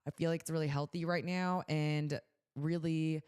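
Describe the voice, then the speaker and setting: A woman's voice: deep voice, fairly even intonation, normal speed, darkish tone, smooth. A woman from California co-hosting a podcast, chatting casually and bubbly, with lots of "like" fillers. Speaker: podcast co-host. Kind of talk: casual chat.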